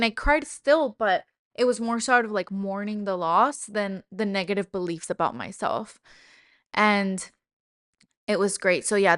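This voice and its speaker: A woman's voice: medium pitch, a bit bright, dry recording, clean studio sound. A woman hosting a self-help podcast, speaking candidly and emotionally about her own experience, with casual swearing. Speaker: podcast host. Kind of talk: personal self-help monologue.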